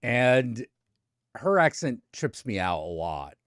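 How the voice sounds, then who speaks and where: A man hosting a casual chat, animated and opinionated. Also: medium pitch, slow. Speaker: host.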